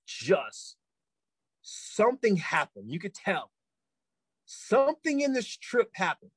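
A man, a podcast guest, telling a story in casual chat, animated, repeating himself with many fillers and restarts. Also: sits high, dry recording, poor audio.

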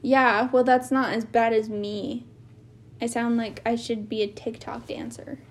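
A woman's voice: on the high side, flat delivery, unhurried. A young woman chatting casually as a podcast guest, talking in a valley-girl way, full of "like". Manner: valley-girl speech with lots of "like". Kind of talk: casual chat.

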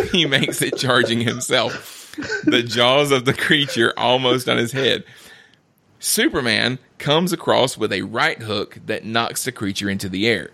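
A man reading a script's stage directions aloud in a table read, brisk, with restarts. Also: mid-range voice, vocal fry, pushed and bright. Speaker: script reader.

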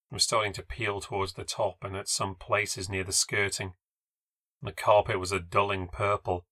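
A man narrating a first-person ghost story from a script, in a wry, measured and reflective way. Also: fairly low pitch, bright, forceful tone, dry recording. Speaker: podcast narrator.

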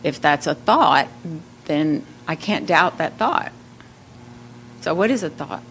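Woman in a discussion group, low voice, thinking it through and asking questions. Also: animated, slow, a bit bright, slight background noise. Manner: thoughtful, questioning. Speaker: group participant.

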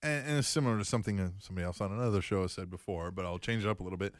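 A man's voice: low-pitched, very fast, dry recording, clean studio sound. A man co-hosting a podcast, chatting casually and joking, laughing often and swearing casually. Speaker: podcast co-host. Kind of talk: casual chat.

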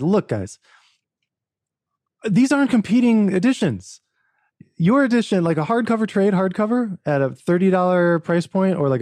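Podcast guest: a man with a warm, slightly higher voice, recorded dry, retelling a story and acting out the dialogue. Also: no room sound. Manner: animated, acts out quoted dialogue with frequent restarts. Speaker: author and book producer, podcast guest. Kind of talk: casual interview storytelling.

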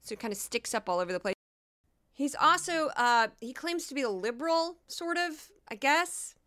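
A woman's voice: high-pitched, animated, moderate pace, a bit bright. A woman from Missouri hosting a solo podcast, talking in a casual, sarcastic and mocking way. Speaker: podcast host.

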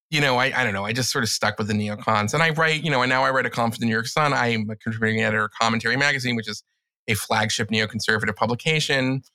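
A man's voice: mid-range voice, sharp tone, dry recording. A man, a podcast guest and columnist, talking in a chatty, enthusiastic way with many fillers. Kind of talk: casual podcast conversation.

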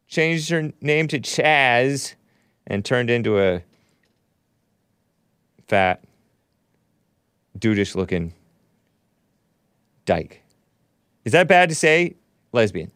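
A man's voice: medium pitch, lively intonation, slow, long pauses, a bit bright, clear, resonant tone, no echo, clean studio sound. A man hosting a call-in radio show, reading posts aloud and mocking them in a scornful, sarcastic, rambling way. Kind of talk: opinionated call-in radio talk.

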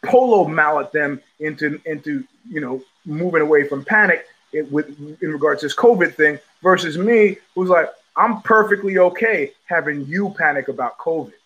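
A middle-aged man hosting his own live show from home, talking in loose digressions with frequent restarts, blunt profanity and quick laughs. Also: fairly high pitch, a bit bright, highs cut off. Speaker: podcast host. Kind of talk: rambling live-stream monologue.

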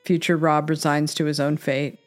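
A woman narrating a scripted satirical story in a measured, dry reading. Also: deep voice, flat delivery, soft background music.

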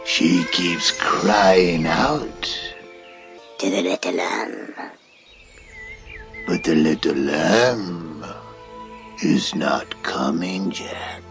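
A man voicing a deceptive male serpent in a low, gravelly whisper for a storybook. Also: very slow, long pauses, over music, full character voice. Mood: urging. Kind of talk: storybook narration.

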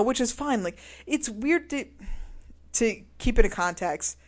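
A woman's voice: on the high side, animated, normal speed. A woman co-hosting a casual chat, talking loosely, laughing often and swearing. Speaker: podcast co-host.

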